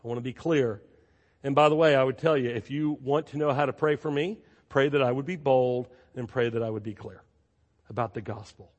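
A man preaching a sermon as pastor, telling stories in a lively way and repeating phrases for emphasis. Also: mid-range voice, a little fast, dull audio. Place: church sanctuary. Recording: long reverb of a large church.

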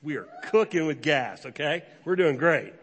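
A man with a fairly high voice preaches to his congregation, his words ringing with a long reverb off the hall. He is lively and conversational, jumping into brief acted voices for the people in his story. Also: husky. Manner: animated, acts out biblical characters in quick quoted voices. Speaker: pastor. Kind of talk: sermon.

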